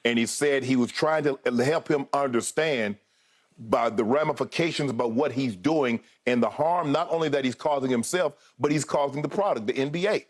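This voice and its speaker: A man's voice: medium pitch, moderate pace. A man co-hosting a sports debate show, emphatic and repetitive, often calling his partner by name. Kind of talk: animated sports debate talk.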